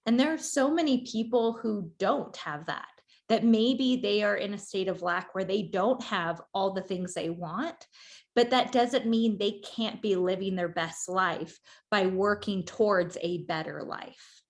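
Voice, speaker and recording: A woman co-hosts a casual podcast in an even, middle-pitched voice. She sounds thoughtful and agreeable as she builds on others' points. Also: measured pace, vocal fry. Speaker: podcast co-host. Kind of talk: casual chat.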